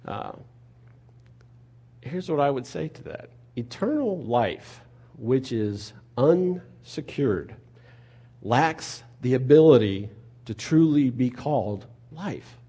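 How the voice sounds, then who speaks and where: A man preaching a sermon in a conversational way, asking rhetorical questions and moving between quiet and loud delivery. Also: medium pitch, lively intonation, slow, breathy edge. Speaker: pastor.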